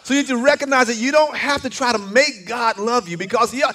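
High-voiced older preacher man. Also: quick pace, sharp tone. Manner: fervent call-and-response preaching, repeats words. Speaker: pastor. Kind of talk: sermon.

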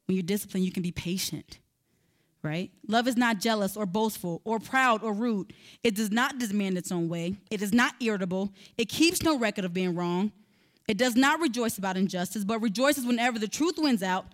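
A woman's voice: medium pitch, moderate pace. A woman preaching a sermon in a conversational way, building to emphatic, rising passages.

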